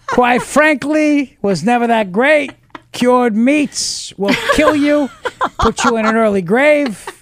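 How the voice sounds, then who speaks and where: A man putting on a slow, drawling impression of a male politician with a mock New York Italian-American accent. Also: very high voice, sing-song, background noise, voice pushed up, heavily acted. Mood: mock-grave. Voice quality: slow drawn-out delivery.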